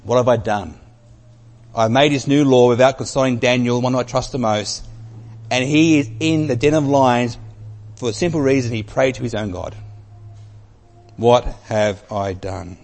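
A remorseful ancient king, as a preacher puts him on, pleads in a hushed, heavy way. His voice rings out with a long reverb in a large hall. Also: mid-range voice, moderate pace, long pauses, lightly acted.

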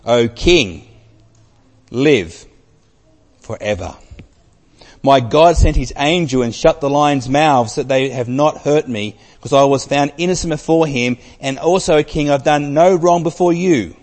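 Guy doing a calm faithful prophet, earnest, voice echoing round a big hall. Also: medium pitch, a little slow, natural voice. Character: faithful young male prophet, calm and steady. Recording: long reverb of a large hall.

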